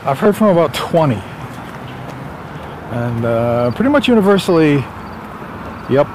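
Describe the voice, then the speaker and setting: A man's voice: fairly high pitch, big pitch swings, a little slow, noisy background. Man rambling on a walk outside. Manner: rambling, chatty, yawning. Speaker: author vlogging on a walk. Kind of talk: casual walking vlog. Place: outdoors on a sunny suburban street.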